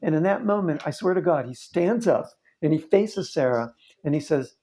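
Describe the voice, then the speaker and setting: A man's voice: fairly high pitch, lively intonation, normal speed, mellow. A man who works as a therapist recounts a case in conversation, telling it earnestly and vividly and often restarting his sentences. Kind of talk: storytelling in conversation.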